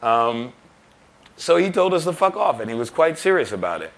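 A musician telling a story in an interview, animated and laughing as he acts out other people's lines. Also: mid-range voice, normal speed, vocal fry. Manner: animated storyteller, laughing, acting out quoted voices. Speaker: musician and record producer. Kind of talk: telling an anecdote.

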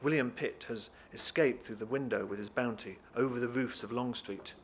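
Male reader, lively expressive narration of a novel, faint background noise. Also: medium pitch, normal speed. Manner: lively expressive reading, talks briefly to listeners. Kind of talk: reading a novel aloud.

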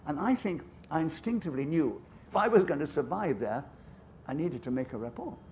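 An older man with a polished English upper-class accent tells stories on a festival stage. His voice sits fairly high, and his talk is chatty and self-amused, full of restarts and asides. A faint hiss lies under it. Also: lively intonation, a little fast, darkish tone. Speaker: guest author. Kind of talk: anecdotal storytelling on stage.

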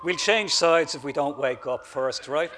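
A man's voice: a little high, expressive, unhurried, a bit bright, slight background noise. A man reading aloud, voicing a dim, easygoing young lad with a Dublin accent. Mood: dozy.

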